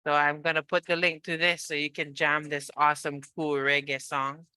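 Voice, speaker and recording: A woman's voice: low-pitched, little pitch movement, normal speed, bright, forceful tone, clear, resonant tone, no echo. A woman from Hawaii, a cultural practitioner, giving a chatty, upbeat online presentation on a video call, with many fillers and restarts.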